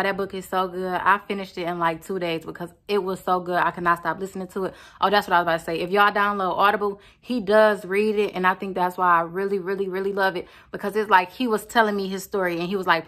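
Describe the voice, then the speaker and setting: A woman's voice: medium pitch, a bit bright. Chatty young woman vlogging to camera. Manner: chatty, rambling, addresses viewers as y'all. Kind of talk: casual chat to camera.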